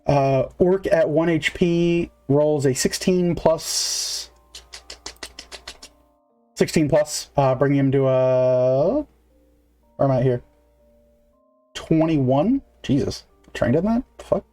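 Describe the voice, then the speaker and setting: A man running a tabletop game with a slightly high, easygoing voice. He narrates casually, counting squares aloud and full of filler words, with faint music playing behind. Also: slow, long pauses, dark tone. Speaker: game master.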